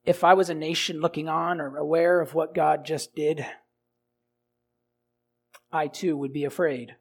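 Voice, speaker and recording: A man preaching a sermon in a notably high voice, asking his listeners question after question. He takes his time, moving between loud, stressed phrases and quiet, dropped lines. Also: flat delivery, unhurried, breathy edge. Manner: asks the congregation rhetorical questions. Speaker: pastor.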